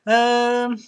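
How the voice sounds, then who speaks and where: A woman casually commenting on a retro game as she plays it, talking slowly with frequent fillers and light laughs. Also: on the high side, clear, resonant tone. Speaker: game streamer. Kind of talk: let's play commentary.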